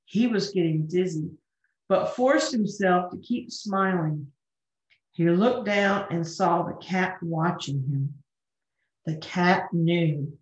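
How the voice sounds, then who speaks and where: A woman reading a children's story aloud with gentle expression. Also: lowish voice, takes it slowly. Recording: roomy, dull lo-fi recording.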